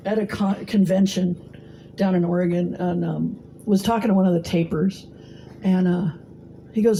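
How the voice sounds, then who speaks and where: A woman's voice: fairly low pitch, flat delivery, normal speed, mellow, slight background noise, rough recording. A middle-aged woman telling her own recovery story at a meeting, blunt and salty, with plenty of fillers. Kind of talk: personal testimony talk. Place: meeting hall.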